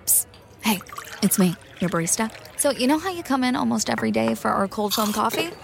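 A woman's voice: fairly high pitch, expressive, brisk, vocal fry, slight background noise. A woman playing a friendly young barista in a commercial, chatty and confiding. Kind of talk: scripted commercial acting.

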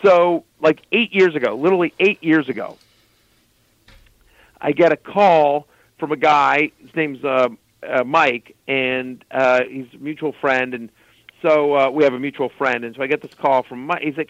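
Animated man telling a story. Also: fairly high pitch, normal speed, dry recording, muffled recording. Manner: animated storyteller, loose with fillers. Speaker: guest. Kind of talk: casual storytelling.

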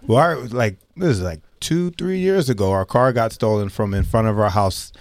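A man's voice: fairly low pitch, lively intonation, normal speed, darkish tone, no room sound, clean studio sound. A man chatting casually on a podcast, telling a story in a laid-back way. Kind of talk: casual chat.

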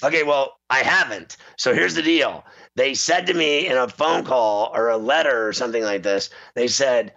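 A male show host telling a comic rant in a loose, animated way, laughing often as he goes. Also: medium pitch, normal speed, vocal fry, hardly any pauses. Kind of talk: casual comedic rant. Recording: slightly muffled lo-fi sound.

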